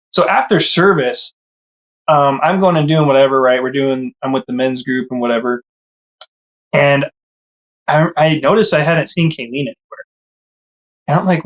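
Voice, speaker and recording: Animated man telling his own story. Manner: animated, acts out his own past thoughts with rises in pitch. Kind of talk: casual storytelling.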